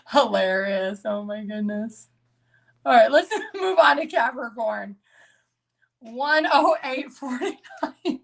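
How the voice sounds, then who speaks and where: A woman's voice: a little high, slow, creaky, low-quality recording. A woman giving a live tarot reading, chatting casually and breaking into laughter often. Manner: casual, laughs a lot, talks to herself. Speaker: tarot reader.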